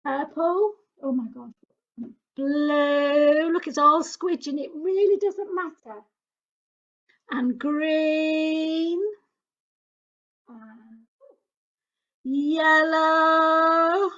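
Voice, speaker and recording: A British woman presenting a painting activity for toddlers, her voice high and her delivery unhurried. She chats away with lots of small exclamations and questions aimed at young children. The recording sounds dull and lo-fi. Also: a bit bright. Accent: British English. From England. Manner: chatty, exclamatory, talks straight to small children. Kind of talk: children's craft demonstration.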